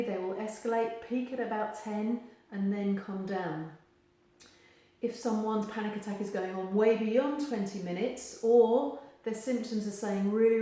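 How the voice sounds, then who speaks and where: A woman gives advice straight to camera, animated and acting out the voices she quotes. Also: medium pitch. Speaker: therapist giving advice. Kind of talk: direct-to-camera advice video. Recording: very echoey room.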